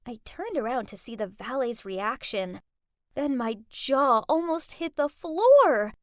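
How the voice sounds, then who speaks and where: Woman narrating an animated story, high voice, really expressive, dry close mic. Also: unhurried, dry recording.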